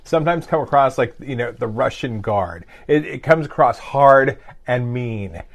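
A man's voice: medium pitch, expressive, a little slow, creaky. A man co-hosting a podcast in casual chat, rambling and profane, with lots of fillers like "you know" and "like". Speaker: podcast co-host.

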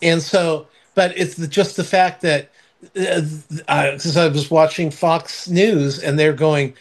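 A man co-hosting a casual political chat, speaking haltingly with many restarts and a sardonic edge. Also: a little high, steady tone.

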